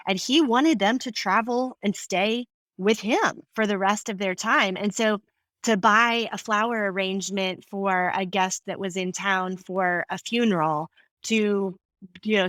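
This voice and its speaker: Animated storytelling businesswoman. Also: mid-range voice, no room sound. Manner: animated storyteller, acts out quoted voices. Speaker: guest speaker. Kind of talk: podcast interview.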